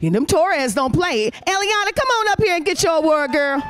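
A woman hosts a youth talent show, her voice sitting high. She is animated and cheering, calling names out loud as she waves each child up to collect an award. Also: normal speed, a little hiss or hum. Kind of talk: lively emcee handing out awards. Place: congregation hall.

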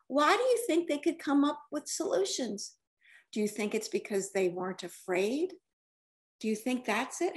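A woman, a children's book author, reading a storybook aloud and gently asking the children questions. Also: fairly high pitch.

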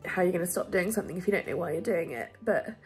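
A woman's voice: fairly low pitch, animated, rapid-fire, faint music behind. A woman vlogging casually to camera, rambling with many fillers and nervous laughs, close to tears at times.

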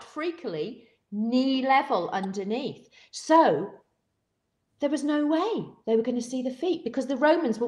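A woman co-hosting a casual chat show, chatty and theatrical. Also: on the high side. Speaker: co-host.

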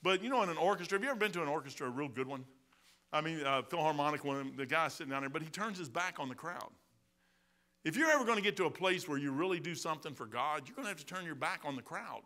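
Animated older preacher with bright voice. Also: male voice, fairly high pitch, fast. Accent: Midwestern American. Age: 60s. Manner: animated storytelling preacher, swinging from loud exclamations to quiet asides. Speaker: pastor. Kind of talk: sermon.

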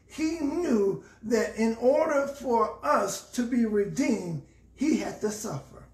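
A man's voice: extremely high pitch, expressive, takes it slowly, echoey room, far from the mic. A man with a Southern US accent, a pastor teaching a Bible study and preaching, repeating phrases for emphasis. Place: church.

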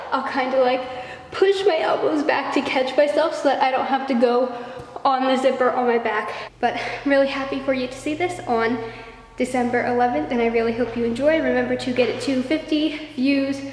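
A woman's voice: high voice, steady tone, normal speed, darkish tone, a little hiss or hum. A young woman vlogging outdoors in the woods, out of breath and chatting in a rambling way about her dance shoot. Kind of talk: casual vlog chat.

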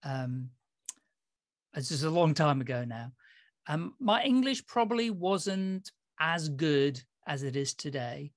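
A man's voice: a little high, expressive, slow, no echo, studio quality. A middle-aged man from the Netherlands, hosting a podcast and telling stories in a chatty way, laughing often. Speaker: podcast host. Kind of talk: casual interview chat.

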